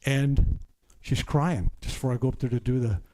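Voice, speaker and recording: A man's voice: mid-range voice, moderate pace, rough recording. Older man rambling through healing stories. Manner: rambling storyteller, stumbling restarts, drops to a hushed murmur for healing prompts. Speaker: faith healer reverend. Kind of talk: healing service with anecdotes. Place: church healing service.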